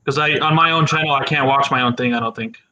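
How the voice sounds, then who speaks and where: A man's voice: mid-range voice, fast talker, bright, forceful tone, highs cut off. A man hosting a casual livestream chat with friends, rambling and repeating words as he talks. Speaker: livestream host.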